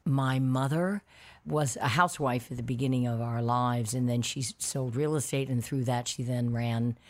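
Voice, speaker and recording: Woman, middle-aged, from New Orleans, expressive, laughs often, animated storyteller, interview guest. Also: a bass voice, normal speed. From New Orleans, USA. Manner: expressive, laughs often, acts out quoted voices. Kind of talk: casual interview chat.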